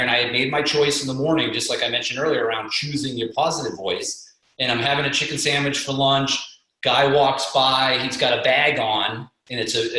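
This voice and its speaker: A middle-aged man telling motivational stories on a conference call, energetic and acting out what people said. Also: mid-range voice. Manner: energetic, motivational, acts out quotes. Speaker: guest speaker and fitness coach. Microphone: video call. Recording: very echoey call audio.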